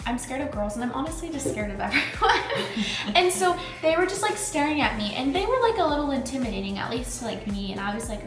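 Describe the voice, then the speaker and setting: A woman's voice: sits high, big pitch swings, fast. A young woman co-hosting a casual chat while eating, rambling hesitantly with constant "like"s and restarts. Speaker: channel co-host. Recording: echoey room with clear music behind.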